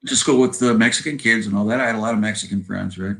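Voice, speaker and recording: A man's voice: on the low side, fairly even intonation, quick pace, creaky, a bit bright, poor audio. A man around seventy with an American accent, a guest chatting in a rambling way over a video call and tagging his sentences with "you know" and "right?". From Southern California. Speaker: guest musician. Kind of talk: casual interview chat.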